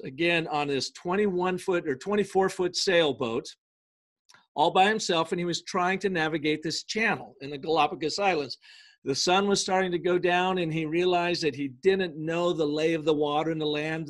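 A middle-aged man, a guest on an interview show, tells business stories in a lively way and acts out the quoted dialogue. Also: a little high. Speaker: guest, brand storytelling consultant. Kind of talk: storytelling in a casual interview.

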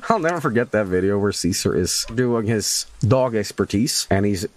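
A man's voice: lowish voice, lively intonation, moderate pace. A man streaming a video game, chatting casually with jokes and swearing. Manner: joking, rambling, swearing.

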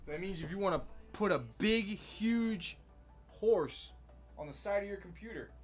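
A man's voice: high-pitched, animated, a little slow, faint music behind. A man building a PC on a live stream, joking loosely with his co-host in a studio. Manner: jokey, teasing, loose. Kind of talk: casual joking livestream chat.

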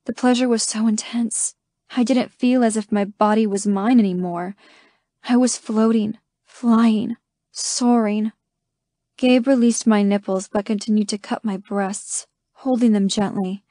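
A woman reading a first-person romance audiobook in a slow, intimate way. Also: medium pitch, steady tone, warm tone, no room sound, clean studio sound. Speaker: audiobook narrator. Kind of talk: scripted first-person narration.

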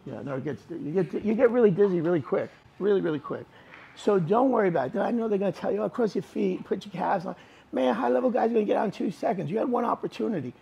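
A man coaches a jiu-jitsu class, walking students through moves as he shows them in an informal, emphatic way. His voice sits high and carries a husky, gravelly texture. He sounds like he is in a training gym. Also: lively intonation, fast, mellow, lo-fi sound. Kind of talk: live class instruction.

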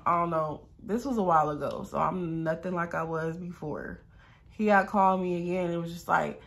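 A young woman talks straight to her viewers in a storytime vlog, her voice leaping up sharply whenever she acts out what someone said. She sounds exasperated and animated. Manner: animated, exasperated, voices quoted lines with big pitch jumps. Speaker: storytime vlogger.

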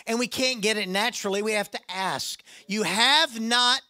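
A man preaching a sermon in a church, animated and joking, acting out voices as he goes. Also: high voice, moderate pace. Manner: animated, acts out quoted voices and jokes. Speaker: guest preacher.

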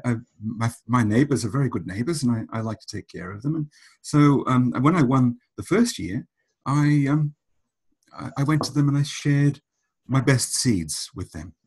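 A man voicing a humble, kindly old male farmer who speaks in a halting, modest way. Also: mid-range voice, expressive, darkish tone, breathy edge, voice pushed up.

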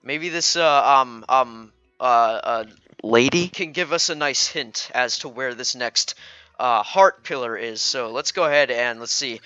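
Rambling bright-voiced young man. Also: medium pitch, a little slow, clear, resonant tone, dry recording, muffled recording. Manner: rambling, jokey, stammering repeats. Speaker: gaming YouTuber. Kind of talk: let's play commentary.

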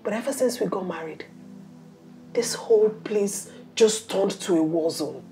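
A Nigerian actress playing a hurt wife in a film drama, speaking earnestly and wistfully. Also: female voice, mid-range voice, a little slow, mellow, faint music behind, natural voice. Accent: Nigerian English. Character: hurt, frustrated wife, woman, adult.

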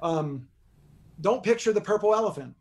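A man as a podcast guest, explaining posture and exercise in an animated, joking coaching style. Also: high-pitched, moderate pace. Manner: animated, joking, teaches by demonstration. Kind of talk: energetic coaching talk.

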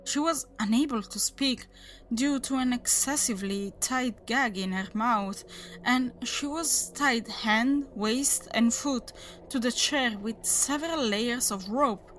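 Slow, deliberate woman narrating horror. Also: a little high, fairly bright tone, slight background noise. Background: faint background music.

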